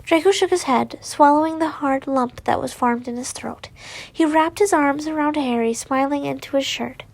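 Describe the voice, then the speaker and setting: A woman's voice: sits high, a little slow, vocal fry, long pauses, poor audio. A woman reading fan fiction aloud, often stumbling and correcting herself, with sighs and small asides.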